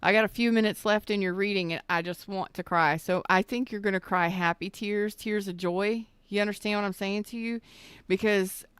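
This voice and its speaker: A woman reading tarot on a live stream, emotional and choked up, talking slowly and soothingly with halting pauses. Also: medium pitch, steady tone, smooth, dry recording. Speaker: tarot reader.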